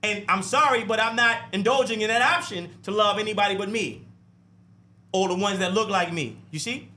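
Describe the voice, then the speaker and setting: Interview guest, male, high-pitched, blunt and profane; preaches his point, tags lines with "right?" and "you see?", and repeats words as he heats up. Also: fairly quick, pushed and bright. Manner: repeats and restarts words when fired up. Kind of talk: heated podcast discussion.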